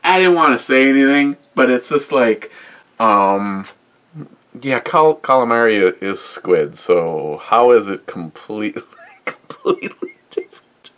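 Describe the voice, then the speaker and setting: A man's voice: medium pitch, animated, a little slow, fairly bright tone. A man in his sixties hosting a beer review in casual chat to camera, rambling and profane, with wisecracks and asides to a voice assistant. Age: 60s. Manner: talks back to a voice assistant.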